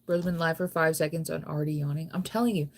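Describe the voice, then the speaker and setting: A young woman on a late-night livestream chats in a low, creaky voice, talking fast over slight background noise. She sounds sleepy and yawns as she rambles casually, saying "like" constantly.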